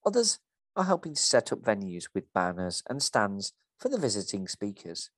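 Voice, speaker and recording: Brief: male co-host reading stage directions aloud, expressive and animated, dry mic. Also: on the low side, normal speed, no room sound. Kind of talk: reading script aloud and discussing it.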